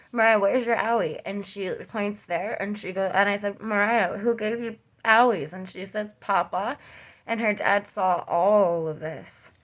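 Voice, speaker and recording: A young woman, a mother, telling a personal story to camera in a halting way, full of ums and you-knows. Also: medium pitch. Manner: soft and subdued, rising when tense.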